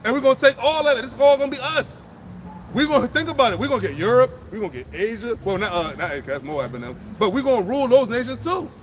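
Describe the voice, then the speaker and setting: A man's voice: extremely high pitch, lively intonation, fast. A man preaching outdoors, blunt and profane, fired up and repeating himself as he drives each point home. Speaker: street preacher. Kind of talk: impassioned outdoor sermon.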